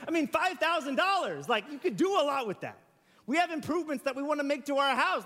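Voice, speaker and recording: A man's voice: very high-pitched, animated, fast talker, pushed and bright. A man preaching a sermon in a conversational way, with rhetorical questions and acted-out everyday examples. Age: young adult to middle-aged. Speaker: pastor. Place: church sanctuary. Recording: hall reverb.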